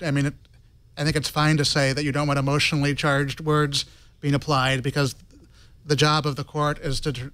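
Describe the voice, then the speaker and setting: A man on a tech panel gives his view in a calm, reasoned way. His voice sits a little high and stays level, smooth and clear. It sounds dry and close to the mic. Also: no room sound. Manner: calm, reasoned, even delivery. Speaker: panel guest. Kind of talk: measured opinion on a talk panel.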